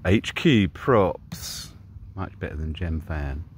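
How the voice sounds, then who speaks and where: Deep-voiced Englishman vlogging outdoors. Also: expressive, slow pace, noisy background. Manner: chatty, laid-back commentary while walking outdoors. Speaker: vlogger filming drone flights. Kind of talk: casual self-narrated vlog. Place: outdoors by a river at sunset. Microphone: camera mic, exposed to wind.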